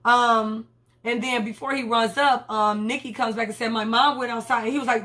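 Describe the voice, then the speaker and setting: Slightly high-pitched and a little fast, a young TV episode reviewer gives a casual recap. She curses freely and animatedly performs the characters' dialogue.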